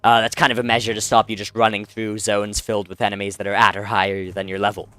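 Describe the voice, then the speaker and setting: A man's voice: on the low side, level tone, quick pace, a bit bright, smooth, no echo. A man, the host, giving chatty, rambling commentary over his gameplay and correcting himself often. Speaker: let's play host.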